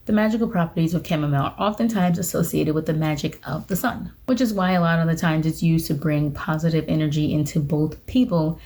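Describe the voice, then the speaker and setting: Chatty, mellow-voiced young woman vlogger. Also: sits low, fast talker, hardly any pauses. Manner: chatty and self-deprecating, laughs at her own slips. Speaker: witchcraft vlogger. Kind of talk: casual talking-head vlog.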